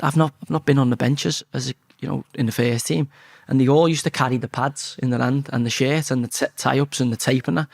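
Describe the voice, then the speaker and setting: A man's voice: medium pitch, vocal fry, no room sound, clean studio sound. A man with a Liverpool Scouse accent, a guest in a casual interview, telling stories bluntly and swearing freely. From Liverpool, England.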